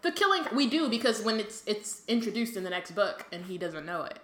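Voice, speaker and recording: Bright-voiced woman co-hosting, roomy sound. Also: mid-range voice, very animated, fairly quick. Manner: laughs often, reads book passages aloud. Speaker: podcast co-host. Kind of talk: casual book discussion chat.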